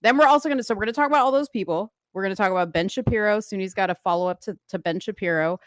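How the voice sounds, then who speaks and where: A woman's voice: medium pitch, rapid-fire, no room sound. A woman co-hosting a live talk show, chatting casually and laughing often. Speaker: co-host. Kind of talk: casual chat.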